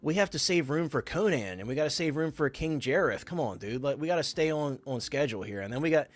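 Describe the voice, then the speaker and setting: A man's voice: a little high, lively intonation, fast talker. Rambling, eager man chatting on a live stream. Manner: enthusiastic, rambling, many fillers and restarts; reads out and answers viewer comments. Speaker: livestream co-host. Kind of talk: casual live-stream chat.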